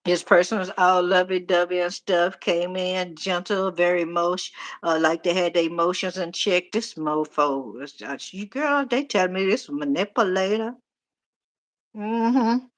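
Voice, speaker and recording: A middle-aged woman, casually reading tarot on a live stream, animated and talking straight to viewers. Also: on the low side, a little slow. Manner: chatty, animated, talks to viewers directly. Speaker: tarot reader.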